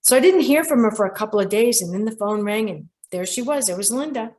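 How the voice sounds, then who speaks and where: An older woman hosts a radio talk show on dreams. She tells a client's story with feeling and lively quoted voices. Her voice sits a little high for a woman. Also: fast. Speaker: show host, dream expert.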